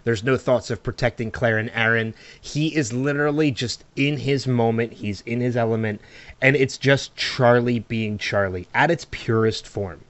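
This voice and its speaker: A man's voice: medium pitch, moderate pace, a bit bright, no room sound. A man co-hosting a podcast, chatting enthusiastically about a TV show episode and often restarting his sentences. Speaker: podcast co-host. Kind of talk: casual TV recap chat.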